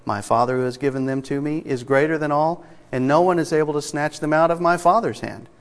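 A man's voice: on the high side, brisk. A man preaching an expository sermon, reading scripture aloud and stressing single words with emphasis. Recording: long reverb of a large hall.

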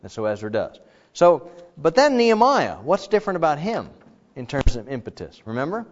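A middle-aged man teaching a Bible class in a casual, animated way, acting out the quoted dialogue. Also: on the high side, a little fast. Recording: dull lo-fi sound with long reverb.

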